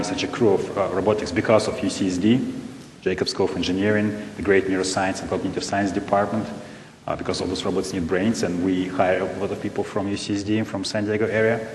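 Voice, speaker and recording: Male panelist with a Russian accent, halting delivery, low-pitched, recorded in a reverberant hall. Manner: halting, many fillers and restarts. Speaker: panelist, robotics company scientist. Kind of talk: panel discussion answer. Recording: echoey hall with faint rumble.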